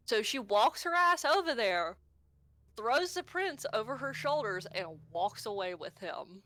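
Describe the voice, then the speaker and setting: A woman co-hosting a casual podcast, retelling movie scenes with animated storytelling and casual swearing. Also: medium pitch, measured pace. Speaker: podcast co-host.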